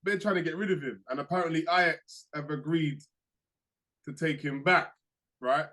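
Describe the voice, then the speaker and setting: A young man talks casually on a podcast, his voice pitched high and sounding bright and forward. He tells stories in animated, slangy bursts, laughing through his anecdotes. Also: normal speed. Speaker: podcast co-host. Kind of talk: casual chat.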